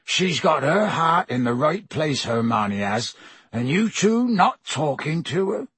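A male narrator voicing a huge, gruff but kindly gamekeeper who talks in a rough, homely way. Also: a little high, big pitch swings, slow, a bit bright, no room sound, pitched above the performer's own voice, exaggerated voice. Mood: chiding.

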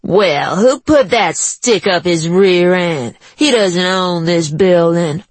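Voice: mid-range voice, slow, no echo. A narrator voicing a brash, mocking, beery middle-aged woman in an audiobook, with a slangy, taunting manner. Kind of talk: audiobook character voice.

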